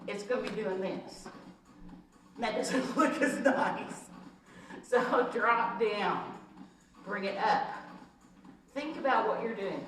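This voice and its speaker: A woman fitness instructor teaching a belly-dance workout, counting out moves and cueing steps as she demonstrates, with jokey asides. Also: medium pitch. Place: recreation center room. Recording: very echoey room, voice from far off.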